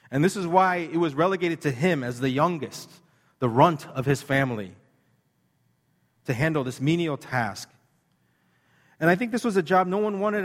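A man preaching a sermon in an earnest, conversational way, slowing down to read scripture with emphasis. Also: a little high, long reverb tail. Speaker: pastor.

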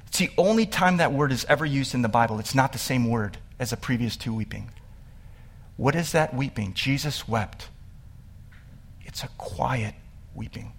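A man preaching a sermon, telling the story with animation and getting louder and higher as he builds, then dropping quiet for sad parts. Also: lively intonation, brisk. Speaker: pastor.

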